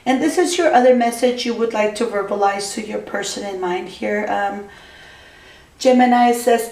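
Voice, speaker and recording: Woman tarot reader for a vlog, gushy and reassuring, mid pitch, echoey room, a little off mic. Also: moderate pace, darkish tone, far from the mic. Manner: keeps addressing the viewer by star sign, gushing and reassuring. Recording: roomy, voice from off the mic.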